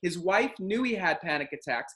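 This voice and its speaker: A man hosting a casual chat, telling a long travel story with lively acted-out quotes. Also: high voice, normal speed. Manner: animated, acts out quotes and voices. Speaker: host.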